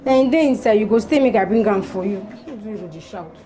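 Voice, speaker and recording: An actress with a Nigerian accent playing an irritated young sister who scolds her brother for shouting. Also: medium pitch, animated, fairly quick, slight background noise, lightly acted.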